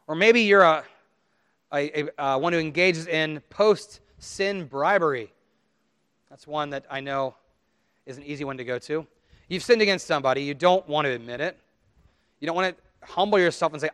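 Higher-voiced man preaching a sermon. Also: normal speed, long pauses, fairly bright tone, clear, resonant tone, no room sound, clean studio sound. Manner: conversational, acts out quoted inner voices. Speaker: pastor.

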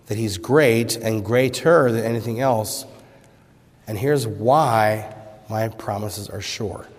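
A man preaching a sermon, pressing rhetorical questions and then dropping to hushed pleas. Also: fairly low pitch, breathy edge. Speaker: pastor. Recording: long reverb of a large hall.

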